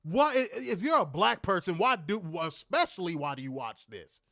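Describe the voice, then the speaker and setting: High-voiced man ranting in exasperation. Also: very animated, normal speed, creaky, pushed and bright, no room sound, studio quality. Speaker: co-host of wrestling review show. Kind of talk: casual podcast commentary.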